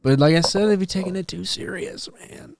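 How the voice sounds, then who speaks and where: A man's voice: high-pitched, fairly quick, vocal fry, darkish tone, no echo, studio quality. A young man co-hosting a podcast, chatting casually with lots of laughter and swearing, now and then slipping into mock voices. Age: young adult. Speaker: podcast co-host. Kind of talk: casual chat.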